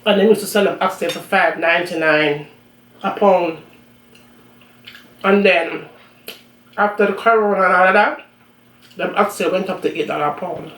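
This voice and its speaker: A woman's voice: fairly low pitch, normal speed, pauses often, fairly bright tone. A woman from Jamaica with a strong Jamaican accent, hosting a cooking channel and chatting casually and bluntly in patois while she eats. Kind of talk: casual mukbang chat. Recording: roomy audio from a distant mic.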